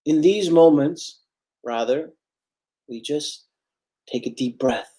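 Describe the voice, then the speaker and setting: A man's voice: a little high, slow, mellow. A man giving a Friday sermon as imam, earnest and repetitive for emphasis, addressing his listeners as brothers and sisters.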